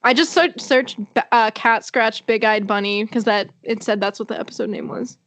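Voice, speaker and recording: A young woman co-hosting a podcast in casual chat, reacting with quick interjections and easy laughter. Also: on the high side, steady tone, a bit bright, no echo. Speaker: podcast co-host.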